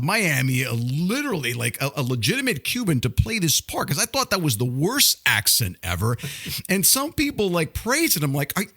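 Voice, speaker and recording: A man's voice: on the high side, bright, forceful tone. A man hosting a podcast interview, talking bluntly and giving strong opinions in a casual way. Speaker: podcast host.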